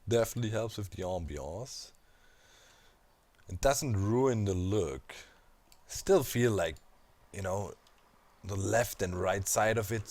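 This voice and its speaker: A man's voice: lowish voice, a little mellow. A man casually commenting while he builds in a video game, thinking aloud with many fillers and asides. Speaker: Minecraft let's player.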